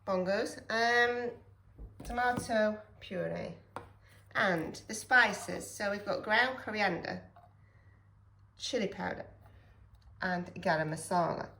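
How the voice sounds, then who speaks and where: A woman's voice: medium pitch, slow, pauses often, sharp tone, echoey room, a little hiss or hum. A woman co-hosting a casual home cooking vlog, teasing and playful as she goes through the ingredients.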